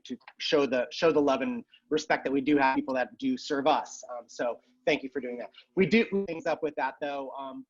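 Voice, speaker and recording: A man's voice: mid-range voice, lo-fi sound. A man interviewing guests, thanking them with brief, affirming replies.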